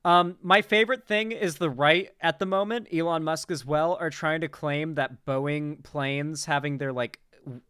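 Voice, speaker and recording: Profane, fast-rambling man with a crisp voice. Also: fairly high pitch, sharp tone, dry recording, clean studio sound. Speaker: political commentary streamer. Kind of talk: casual reaction commentary.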